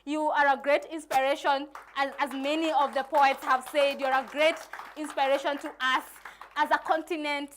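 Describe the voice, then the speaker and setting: A woman's voice: sits high, little pitch movement, normal speed, fairly bright tone, slight background noise. A young woman hosting an event, introducing a guest with enthusiastic admiration. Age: young adult. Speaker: event host.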